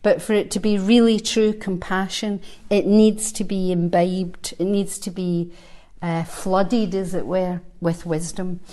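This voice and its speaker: In a warm, unhurried, level voice that sits on the low side, a Buddhist teacher in her sixties gives a dharma talk to a live group at a centre. She speaks conversationally with gentle humor, thinking aloud between the verses she reads.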